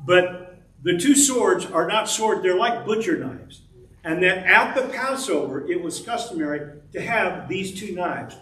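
A man's voice: sits high, a bit bright. A man teaching a casual Bible class, talking conversationally and acting out the quoted speech in the story. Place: church classroom. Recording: roomy, distant mic, faint room noise.

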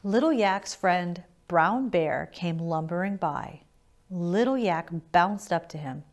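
Slow, careful storytime reader, woman. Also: on the low side, animated. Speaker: children's librarian. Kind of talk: children's storytime read-aloud.

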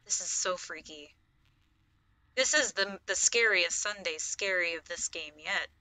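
Bright-voiced jumpy young woman streamer. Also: on the low side, a little slow. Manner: jumpy, easily spooked, laughs a lot. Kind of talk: casual let's-play commentary.

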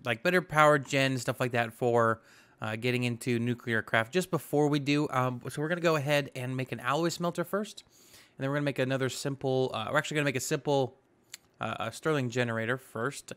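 A man's voice: medium pitch, a bit bright, clean tone. A man giving casual, chatty commentary on his own gameplay, thinking aloud and tossing in exclamations. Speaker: gaming YouTuber. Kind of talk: casual let's-play commentary.

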